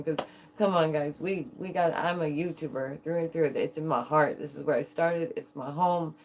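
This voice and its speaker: A woman's voice: low-pitched, moderate pace, darkish tone. Giggly chatty woman streamer. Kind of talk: casual livestream chat.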